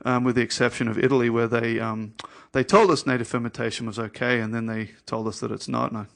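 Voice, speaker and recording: A man's voice: mid-range voice, steady tone, quick pace, creaky, a bit bright. A man who owns a winery, telling long stories as a podcast guest, with plenty of ums and restarts. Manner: rambling anecdotes with many "um"s and restarts. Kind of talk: casual storytelling interview.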